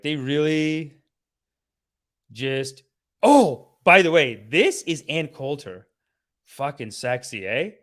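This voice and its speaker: A young man hosting a casual, rambling review, profane and animated, who slips into mock voices for the people he describes. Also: on the high side. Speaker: show host reviewing a documentary series.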